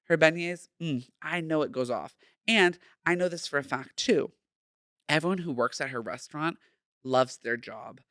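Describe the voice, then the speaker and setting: A man's voice: fairly high pitch, moderate pace, fairly bright tone, no echo, clean studio sound. A man in his thirties hosting a casual solo podcast, sassy and playful, full of slang. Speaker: podcast host.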